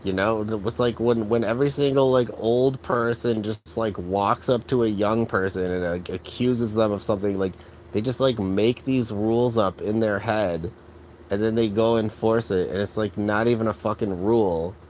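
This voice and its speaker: Exasperated man ranting, lower voice. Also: fairly even intonation, normal speed, a little mellow, a little hiss or hum, low-quality recording. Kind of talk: angry rant.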